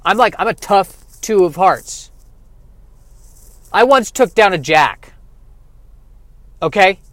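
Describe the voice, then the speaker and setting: A man's voice: sits high, animated, takes it slowly, fairly bright tone, dry recording, voice pushed up, exaggerated voice. A man voicing a tough, boastful talking playing card who brags indignantly. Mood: bragging. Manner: indignant bragging.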